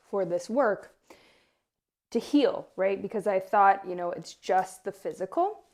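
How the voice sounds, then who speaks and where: A woman's voice: fairly low pitch, a little mellow. A woman hosting a podcast, talking in an earnest, confessional way in a personal reflective monologue. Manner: earnest, confessional, often asks for agreement. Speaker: podcast host.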